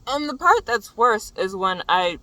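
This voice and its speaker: A young adult vlogger telling a venting story in a profane, exasperated rant that builds into shouting. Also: medium pitch, big pitch swings, unhurried, low-quality recording.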